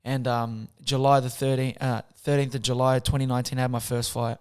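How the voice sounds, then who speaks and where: A soft-spoken young man, telling his story in a casual interview. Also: mid-range voice, level tone, a little fast, smooth. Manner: soft-spoken, chatty, acts out quotes with slang. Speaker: guest, boxer.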